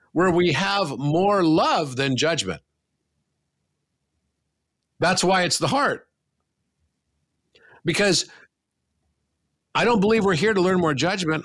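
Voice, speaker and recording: Higher-voiced man, earnest podcast guest. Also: fairly bright tone. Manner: earnest, emphatic, swears casually. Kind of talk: reflective conversational talk.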